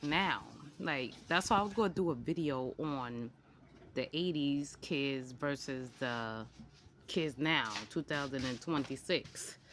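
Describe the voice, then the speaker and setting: A woman in her forties vlogs in a low-pitched voice, with slight background noise behind her. Her casual monologue rambles and hops between topics, and she's animated, slipping into acted-out quotes.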